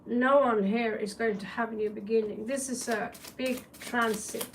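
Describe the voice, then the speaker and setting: A woman's voice: on the high side, fairly even intonation, moderate pace, vocal fry. A woman with a Norwegian accent giving a casual live tarot reading, chatty and joking, with blunt swearing. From Norway. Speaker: tarot reader. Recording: distant mic with faint background noise.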